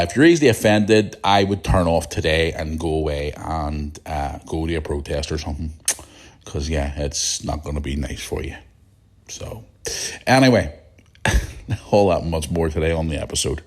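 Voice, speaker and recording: Croaky, deep-voiced Northern Irish man. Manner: chatty, rambling, blunt. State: croaky morning voice. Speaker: podcast host. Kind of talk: casual solo podcast chat.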